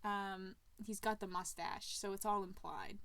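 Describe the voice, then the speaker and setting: A woman hosting a podcast, casually retelling a movie plot in an animated way, with fillers and laughs along the way. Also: mid-range voice, unhurried, dry recording. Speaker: podcast host. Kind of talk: casual movie recap chat.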